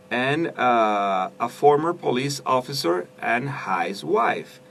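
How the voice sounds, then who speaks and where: Slow, hesitant radio co-host man. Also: mid-range voice, gravelly, fairly bright tone. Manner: hesitant, searching for words. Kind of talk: casual radio chat about films. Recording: distant mic with some background noise.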